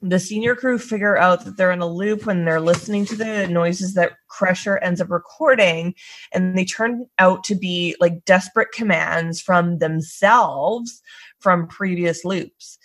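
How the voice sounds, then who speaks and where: A woman co-hosts a casual podcast, walking through a TV episode's plot with quick asides and a bit of swearing. Her voice sits a little low. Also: fairly bright tone, low-quality recording. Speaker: podcast co-host.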